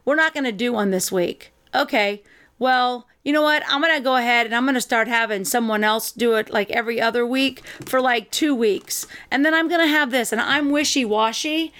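A woman with a slightly high voice co-hosts a podcast in a relaxed, chatty way. She often restarts her sentences and slips into quick acted-out bits of dialogue. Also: clean tone. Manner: chatty, acts out quoted dialogue, frequent restarts. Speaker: podcast co-host. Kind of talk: casual podcast chat.

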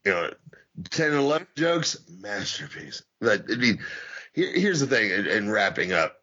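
A man's voice: fairly low pitch, sing-song, moderate pace, pushed and bright, breathy edge. A man hosting a casual podcast chat, swearing freely, rambling and restarting his sentences. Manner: profane, rambling, stammers and restarts. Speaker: podcast host. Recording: dull lo-fi audio.

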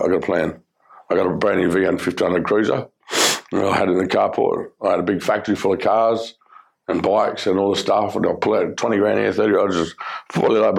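A middle-aged Australian man giving his personal testimony, telling his story in an earnest, halting way with many fillers. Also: sits low, creaky. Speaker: former criminal telling his life story.

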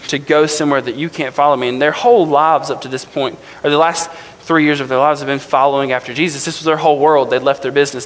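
A man preaching a sermon, reading scripture slowly and deliberately, then explaining it in a casual, self-correcting way. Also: mid-range voice, in a large hall, rough recording. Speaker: pastor.

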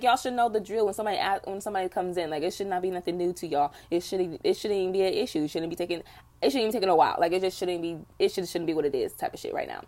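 A woman's voice: on the low side, mellow. Blunt, profane young woman venting. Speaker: podcast host. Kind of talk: casual solo podcast chat.

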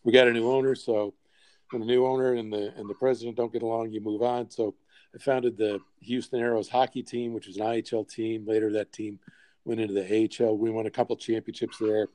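A man's voice: fairly low pitch, a little fast, dry recording. Older guy, 60s, telling old stories with lots of chuckles, dry sound. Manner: chuckling, animated anecdotes. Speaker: podcast guest, sports executive. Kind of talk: storytelling interview.

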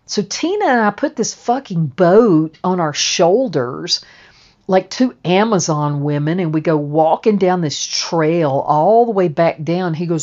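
A woman with a low voice tells a personal story at an unhurried pace. She rambles, restarts her sentences and swears freely. The recording sounds dull and lo-fi. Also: lively intonation, a little mellow.

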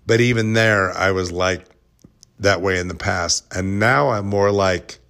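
Man, podcast host, lowish voice, rambling, joking at his own expense. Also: a bit bright. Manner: rambling, jokey, self-deprecating. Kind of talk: casual storytelling monologue.

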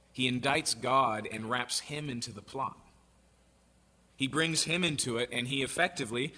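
Bright, husky-voiced man preaching. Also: mid-range voice. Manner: conversational, checks in with "okay?". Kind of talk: sermon with scripture reading.

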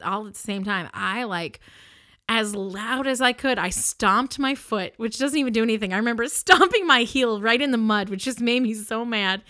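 A woman hosting a podcast, telling a personal story in an expressive, emphatic way into her own microphone, often laughing and restarting her sentences. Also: fairly high pitch. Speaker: podcast host.

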